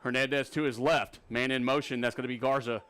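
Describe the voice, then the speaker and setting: A man calling a live high school football game play by play, rapid and excitable on big plays, with a Texan accent. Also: clean tone. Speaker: play-by-play announcer.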